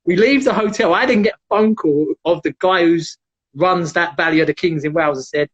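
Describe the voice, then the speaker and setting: A man, a former MMA fighter, telling lively stories casually as a guest and acting out quotes in a raised voice. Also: high-pitched, fairly quick. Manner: animated, acts out quotes in raised voice. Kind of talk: casual storytelling on a livestream. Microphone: video call. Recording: dull lo-fi livestream audio.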